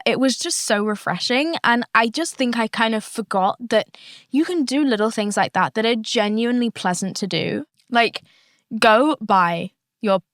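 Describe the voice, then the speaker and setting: A woman's voice: a little high, fairly bright tone, dry recording. Candid, chatty young woman. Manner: candid, chatty, swears freely. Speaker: podcast host. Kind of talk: casual solo podcast chat.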